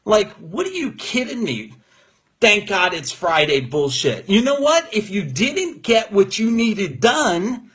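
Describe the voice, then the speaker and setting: A man coaches his live-stream audience in a high, husky voice. He is blunt and profane, and he mocks people who complain. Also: a bit bright. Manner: blunt, profane, mocking, mimics whiners in silly voices. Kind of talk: unscripted motivational talk to viewers. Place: room with neighbors next door.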